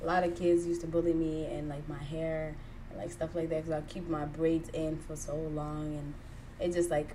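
Low-voiced woman, candid rambling chat. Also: level tone, normal speed, background noise. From Kenya. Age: 20s. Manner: candid, rambling with many fillers. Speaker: podcast co-host, interviewee. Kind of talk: casual chat.

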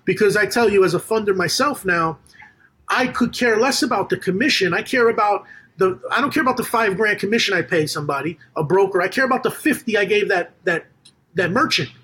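A man's voice: high voice, brisk. A man, a business funder, telling a story in a casual podcast interview, rambling with restarts and acting out quoted conversations. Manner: animated storyteller who acts out quoted conversations.

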